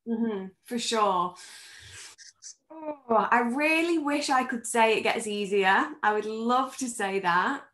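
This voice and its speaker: A woman's voice: on the high side, slow, a bit bright, echoey room. A woman actor on a video-call panel, giving friendly, candid advice and thinking aloud as she goes. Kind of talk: conversational panel answers.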